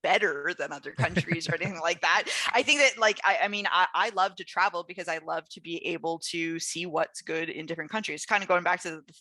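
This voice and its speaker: A woman's voice: lowish voice, quick pace, few pauses, sharp tone, no echo. A Canadian woman in her thirties, chatting as an interview guest, laughing often and restarting her sentences. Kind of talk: casual interview chat.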